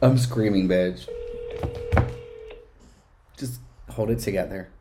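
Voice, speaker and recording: A woman's voice: very deep voice, slow, noisy background. A woman egging on a friend's prank call, laughing and crude. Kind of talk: casual chat.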